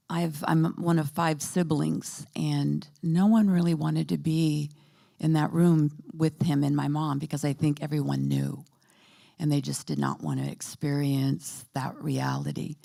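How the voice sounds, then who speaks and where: A woman in her fifties or sixties giving a personal testimony at a church, halting and soft-spoken, with many pauses and fillers. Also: sits low, gravelly. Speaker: church panel speaker.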